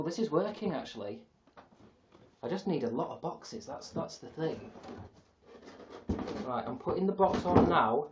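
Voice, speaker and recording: His voice fairly high and the sound lo-fi, a man with a Yorkshire accent streams casually from his sister's attic. He rambles, mocks himself, and swears now and then.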